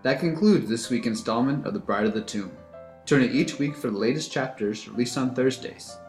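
A man reads the closing credits in a plain, measured voice. The room rings with echo and faint guitar music plays underneath. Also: medium pitch. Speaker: podcast announcer. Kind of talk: scripted outro.

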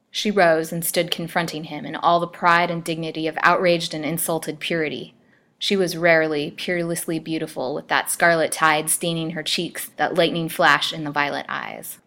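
A woman narrates an old romance novel as a storyteller, her voice pitched on the low side. Her reading is measured and expressive, steady through long descriptive passages. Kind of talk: scripted narration of a classic novel.

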